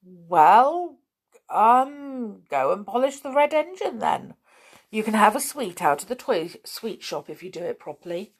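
A woman voicing Tom, a bossy little boy toy in a storybook reading, brisk and commanding. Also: a little high, big pitch swings, husky, voice pushed up, full character voice.

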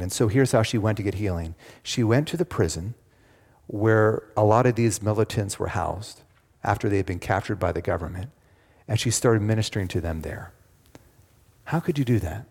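Low-voiced preacher in a reverberant hall. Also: male voice. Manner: dramatic, swings from loud acted quotes to hushed pleading. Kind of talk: sermon storytelling.

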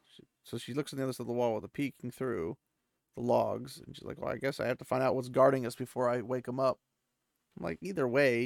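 A man with a gravelly voice recaps a book chapter in a loose, casual way, tossing in offhand asides. He is recorded close on a dry mic with no room sound. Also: medium pitch, darkish tone, no echo. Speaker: podcast host recapping a novel.

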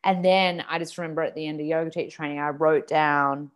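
This is an Australian woman in her thirties, talking casually as an interview guest. Her voice sits a little low for a woman. She rambles in an animated way, full of fillers. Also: fairly quick, smooth. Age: 30s. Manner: chatty and animated, lots of "like" fillers. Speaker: guest, TV presenter and yoga teacher.

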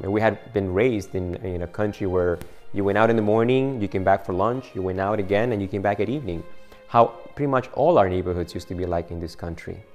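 A man's voice: lowish voice, darkish tone. A middle-aged man preaching a sermon and telling a personal story in a conversational way, with frequent restarts. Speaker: pastor.

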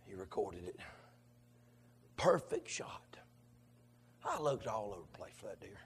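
A male pastor, preaching a sermon that swings from shouted, sung lines to low conversational talk. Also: animated, fast talker, husky. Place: church sanctuary. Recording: long hall reverb.

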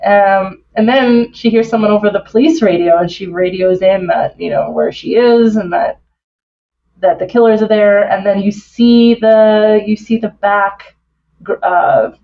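A woman's voice: mid-range voice, measured pace, creaky. A woman from Canada, a podcast guest, retelling scenes in casual chat with many fillers. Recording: slightly dull lo-fi audio.

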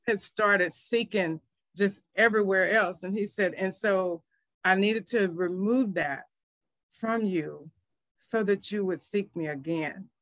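A woman's voice: mid-range voice, a little slow, fairly bright tone, no echo. A middle-aged woman pastor, telling her faith story in an earnest, emotional way. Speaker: pastor and minister. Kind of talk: testimony in a faith interview.

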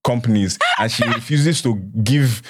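A man's voice: mid-range voice, normal speed, background noise. A young man, a podcast guest chatting casually and praising his friend with many restarts. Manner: warm, effusive praise with frequent restarts. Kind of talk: casual chat.

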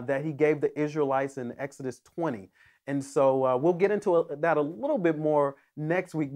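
A man preaching a sermon with an earnest, emphatic delivery. His voice sits a little higher than most men's. He often stumbles, restarts and repeats phrases as he presses each point home. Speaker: pastor.

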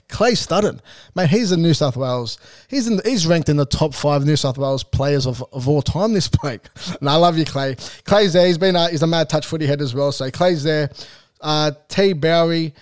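A man's voice: a little high, a little mellow, smooth, dry recording, clean studio sound. A young man with an Australian accent hosting a casual podcast, chatty and hyped, with lots of filler words and banter. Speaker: podcast host. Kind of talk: casual solo podcast chat.

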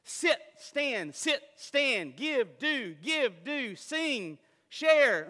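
Bright high-voiced preaching man, hall reverb. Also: extremely slow. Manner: animated preaching with rhetorical questions and impersonations. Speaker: pastor. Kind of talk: sermon.

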